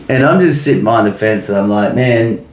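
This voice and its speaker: A man co-hosts a podcast in an easygoing chat, winding through a story with plenty of fillers and casual swearing. His voice sits on the low side. The room around him is echoey. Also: expressive, normal speed. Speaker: podcast co-host.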